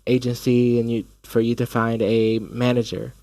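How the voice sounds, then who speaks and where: Give me a young man telling animated stories in an interview, dry close sound. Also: mid-range voice, moderate pace, dry recording. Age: young adult. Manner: animated storytelling with many restarts. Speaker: actor guest. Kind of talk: casual interview chat.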